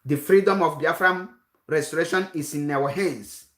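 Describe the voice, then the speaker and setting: A woman's voice: low-pitched, moderate pace, echoey room. A woman giving a rousing political speech, full of rhetorical questions and repetition. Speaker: activist speaker.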